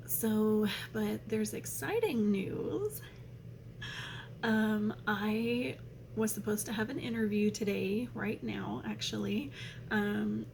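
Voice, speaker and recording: A woman's voice: medium pitch, vocal fry, a little mellow, a little hiss or hum, poor audio. A young woman chatting casually to camera at home, rambling with many fillers, her nose running. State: runny nose. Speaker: vlogger. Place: home room.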